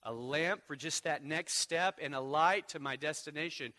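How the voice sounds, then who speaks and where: A man gives a sermon as a pastor in a higher-pitched voice, shifting from soft, slow phrases to loud, insistent declarations.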